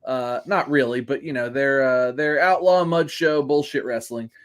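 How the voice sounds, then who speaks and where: A man's voice: mid-range voice, normal speed. A man co-hosting a wrestling podcast in casual chat, joking around and laughing often. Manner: jokey, laughs often, chatty. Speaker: podcast co-host.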